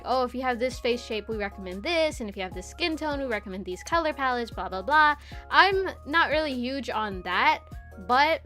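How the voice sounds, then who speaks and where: A woman's voice: a little high, a bit bright. A young adult woman streaming live and chatting casually with her viewers. She is giggly and swears freely. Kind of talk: casual livestream chat.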